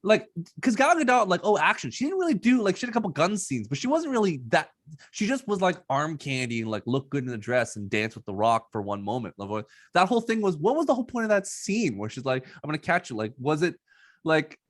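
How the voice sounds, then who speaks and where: A man's voice: on the high side, very animated, a little fast, no room sound, studio quality. A man co-hosting a podcast, giving blunt, opinionated takes on a movie in casual chat. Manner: opinionated, emphatic, blunt critique. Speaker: podcast co-host.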